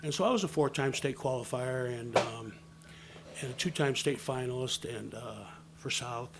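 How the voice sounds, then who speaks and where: A middle-aged man, a former pro wrestler, telling a casual, lively story as an interview guest in a studio, swearing now and then. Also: mid-range voice, moderate pace, heavy background noise. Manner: lively, animated retelling with loud acted quotes and casual swearing.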